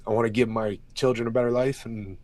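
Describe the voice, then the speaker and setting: A man's voice: medium pitch, fairly even intonation, fast talker, a little mellow, no echo. Candid young man, dry and close. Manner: open and emotional, heavy swearing, loose run-on storytelling. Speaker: MMA fighter, interview guest. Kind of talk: candid emotional interview talk.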